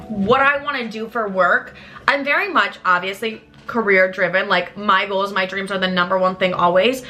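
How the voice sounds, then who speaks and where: A young woman in her twenties talks candidly to her viewers as if they are close friends. Her voice is bright and forward, her delivery blunt and chatty, with casual swearing and lively jumps in pitch. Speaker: lifestyle creator. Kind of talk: candid casual chat to camera.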